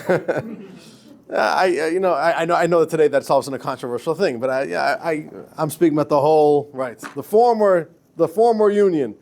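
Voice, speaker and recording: A man, a rabbi, lecturing a class in a lively, chatty way, often repeating himself and laughing at his own stories. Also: fairly high pitch, fairly quick, vocal fry. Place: classroom with students.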